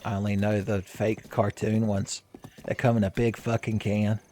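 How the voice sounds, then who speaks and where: A man's voice: lowish voice, level tone, normal speed, mellow, a little hiss or hum. A man hosting a let's play, rambling through casual game commentary with jokey, crude humor.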